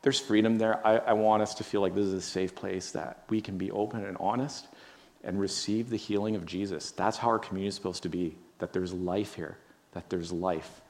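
A man's voice: deep voice, steady tone, fairly quick. A man preaching a sermon as pastor, earnest and repeating phrases for emphasis, then leading a prayer. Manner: earnest, repetitive emphasis, frequent "right?".

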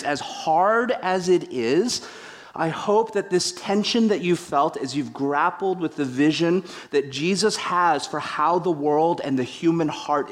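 A middle-aged man preaching a sermon as a pastor, telling stories with animated acted-out quotes and self-deprecating humor. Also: fairly high pitch.

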